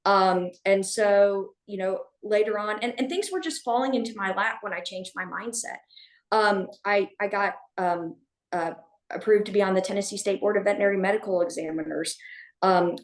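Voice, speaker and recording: A woman telling a personal story as a podcast guest, speaking candidly, with many restarts and fillers. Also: mid-range voice. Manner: halting, with frequent restarts and fillers. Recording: echoey room.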